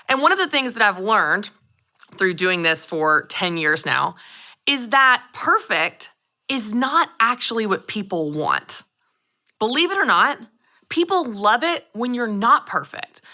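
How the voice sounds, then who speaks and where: A woman's voice: medium pitch, pushed and bright. A woman, giving a motivational talk to camera as a show host, telling stories animatedly and addressing the audience directly. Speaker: show host and business coach.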